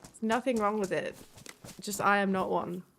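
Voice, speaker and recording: A woman's voice: mid-range voice, steady tone, normal speed, creaky, a bit bright, slight background noise. A woman from the English Midlands with a Midlands accent, chatting casually on her live stream, swearing freely and laughing often.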